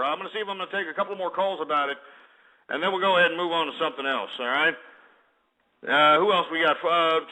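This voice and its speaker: A man's voice: sits high, bright, forceful tone, low-quality recording. A man hosting a comedic call-in show, with brash, mocking, boastful shock-jock patter. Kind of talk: comedic call-in radio parody.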